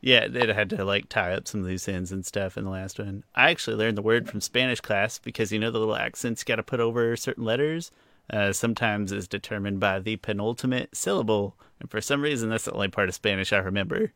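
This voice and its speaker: A man's voice: lowish voice, fast, bright, forceful tone, no echo. A man co-hosting a casual podcast, joking and playful as he talks. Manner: jokey, playful, laughs often. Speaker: podcast co-host. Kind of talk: casual chat.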